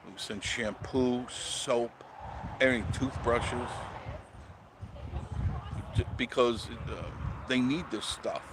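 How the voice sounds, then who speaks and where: A man's voice: medium pitch, slow, pauses often, noisy background. A man hosting an unscripted live stream, talking bluntly and chattily and greeting viewers by name as he goes.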